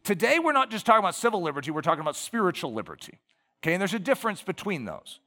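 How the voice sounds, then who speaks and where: Animated, bright-voiced American pastor preaching. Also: male voice, high-pitched, very fast, in a large hall. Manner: animated preaching with emphatic lists and rhetorical questions. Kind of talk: sermon.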